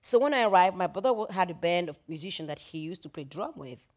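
A middle-aged woman from Benin speaks English. Her voice swings widely in pitch as she tells stories with animation. She acts out the people she quotes and laughs often. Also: lively intonation, fast talker. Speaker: musician guest. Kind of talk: animated storytelling.

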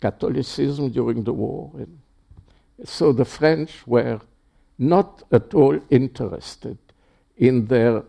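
An older man from Czechoslovakia is interviewed about his past. He speaks slowly in a dark, gravelly voice, pausing often and restarting his sentences. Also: mid-range voice. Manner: halting, with many fillers and restarts. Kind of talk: oral history interview.

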